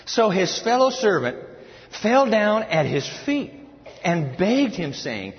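A man preaching a sermon from scripture, emphatic and animated, telling his listeners to write things down. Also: high voice, slow. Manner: animated and emphatic, tells listeners to take notes. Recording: reverberant hall, dull lo-fi sound.

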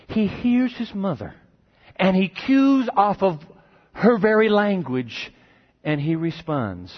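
A man preaching a sermon in a lively, conversational way, often asking his listeners questions. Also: on the high side. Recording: dull muffled recording.

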